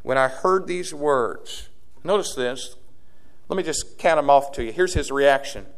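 A man preaching a sermon, dropping to a hush and then building to loud, urgent appeals to the congregation. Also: medium pitch, measured pace. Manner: swings from hushed to shouting, preaching to a congregation.

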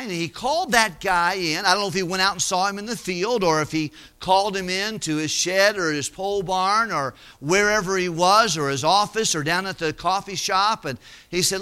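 A man's voice: high-pitched, normal speed, sharp tone, clean tone. A man preaching, retelling a parable in a folksy, conversational way and acting out the characters. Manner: folksy, conversational, acts out voices. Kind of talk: sermon storytelling.

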